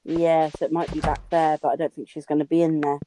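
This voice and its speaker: A woman playing a co-op game, unhurried, giving short replies and reading off her quest list. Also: low voice, level tone, mellow. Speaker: co-op player. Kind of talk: casual co-op gaming chat. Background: game music.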